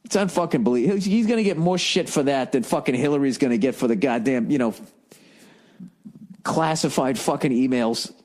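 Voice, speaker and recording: A man's voice: mid-range voice, brisk, a little mellow. An American man hosting a solo comedy podcast, ranting with heavy profanity and sarcasm. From United States. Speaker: podcast host.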